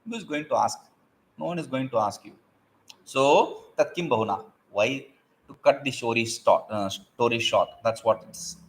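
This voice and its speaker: A man teaching a Sanskrit text, reciting verses aloud and explaining them line by line with many pauses and fillers. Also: slight background noise, rough recording. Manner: recites verses loudly, then explains in a lower voice; frequent fillers and self-corrections.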